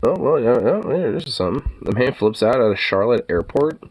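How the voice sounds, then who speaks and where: A young man giving casual, profane reaction commentary on a video, incredulous and quick to laugh. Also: mid-range voice, lively intonation, a little mellow. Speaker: reaction streamer.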